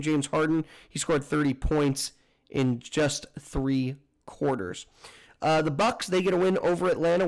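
A man's voice: a little high, creaky. A man hosting a casual sports news roundup, reading scores and standings in a loose, chatty way that corrects itself as it goes. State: has the hiccups.

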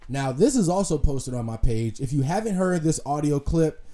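A man's voice: fairly high pitch, animated, normal speed, mellow. A young adult man hosting a casual commentary monologue, talking loosely, swearing freely and trailing off into restarts. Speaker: podcast host.

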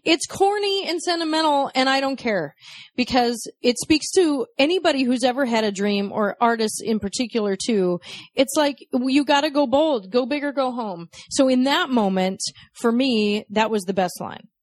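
A woman co-hosting a podcast, chatting casually about a film, frank and quick to laugh and swear. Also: high-pitched, expressive, no echo, clean studio sound. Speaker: podcast co-host. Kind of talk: casual chat reviewing a film.

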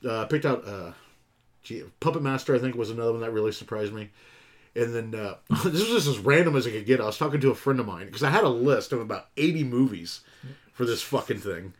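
Fast-talking, profane man in his forties. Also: medium pitch, expressive. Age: 40s. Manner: profane, rambling storyteller. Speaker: marathon organizer. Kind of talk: casual chat.

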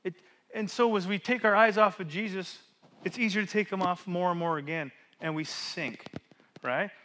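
Male pastor, high bright forceful voice, animated sermon delivery with rhetorical questions and sudden quiet drops. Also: normal speed. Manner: swings between loud emphasis and hushed drops. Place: church.

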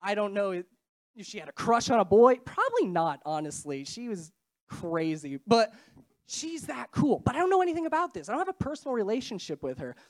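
Young woman preacher, nasal and stuffed up from a cold, lively pitch, casual chatty delivery. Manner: chatty, self-deprecating, quick asides. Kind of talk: casual sermon.

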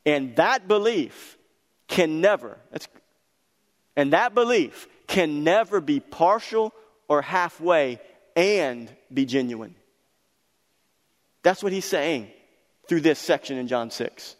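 A man's voice: fairly high pitch, expressive, takes it slowly, long pauses. Passionate male preacher in a reverberant hall. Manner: emphatic, building to loud passionate peaks. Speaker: pastor. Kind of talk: sermon.

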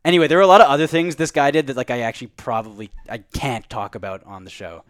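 A man's voice: medium pitch, fast talker, no echo. Rambling young man telling a party story. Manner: rambling anecdote, lots of "like" and "uh". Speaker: podcast co-host. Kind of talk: casual chat, storytelling.

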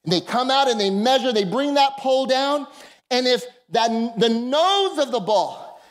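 At a church service, a male pastor with a strikingly high voice delivers a fired-up sermon, building to loud, ringing shouts and repeatedly calling on the congregation to answer back. His intonation is lively and his speed normal.

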